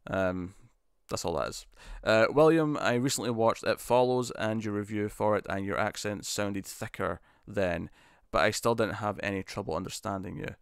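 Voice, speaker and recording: Chatty man, smooth low voice. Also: moderate pace, dry recording, clean studio sound. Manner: chatty, reads out viewer comments and answers them, laughs often, many ums. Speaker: host. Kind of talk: casual live-stream chat. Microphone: studio mic with pop shield.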